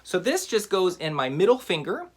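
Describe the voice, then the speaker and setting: A man teaching a magic trick in a relaxed, chatty how-to style, with frequent fillers. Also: high-pitched, moderate pace, breathy edge. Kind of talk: casual how-to tutorial.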